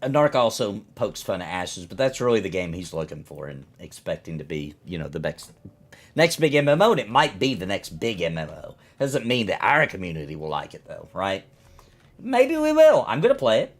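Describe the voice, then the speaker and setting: A man's voice: sits low, big pitch swings, brisk. A man chatting casually on a live game stream, rambling and ranting as he reacts to his chat.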